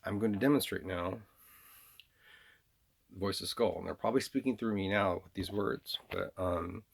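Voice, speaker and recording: Southern-raised guy rambling on, low creaky voice, lots of um and like. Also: normal speed. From American South. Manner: hesitant, repetitive, many fillers and restarts. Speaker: vlogger. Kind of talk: rambling personal monologue.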